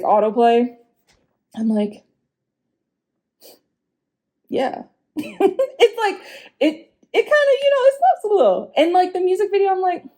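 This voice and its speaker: A woman giving casual, opinionated commentary as a vlogger, frank and chatty, laughing and swearing as she goes. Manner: lively pitch swings for emphasis.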